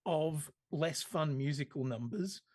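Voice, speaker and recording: A man's voice: on the high side, measured pace, darkish tone, no room sound. A man co-hosting a podcast in casual chat, talking bluntly and wryly with plenty of swearing. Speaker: podcast co-host.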